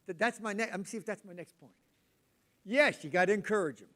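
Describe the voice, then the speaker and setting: A man's voice: sits high, fast talker, bright, forceful tone. An older man, preaching in a casual, rambling way, repeating words and talking to the congregation. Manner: rambling, repeats words, chatty asides to the audience. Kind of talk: casual sermon talk.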